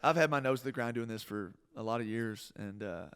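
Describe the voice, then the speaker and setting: A man's voice: mid-range voice, brisk, a bit bright. A man, a country singer guesting on a live radio show, telling a story with many restarts and bursts of laughter. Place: live radio stage in a food hall.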